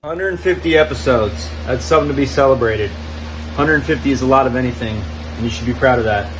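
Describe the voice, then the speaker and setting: Man, earnest video message, loud, ambient noise behind. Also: medium pitch, fairly quick.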